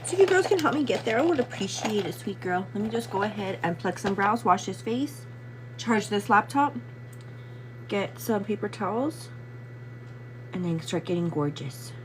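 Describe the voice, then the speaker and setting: A woman's voice: medium pitch, very animated, normal speed, background noise. A woman in her thirties hosting a get-ready-with-me live stream, chatting to her viewers, calling them "girl" and thanking them by name as she gets ready at home. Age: 30s. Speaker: livestream host.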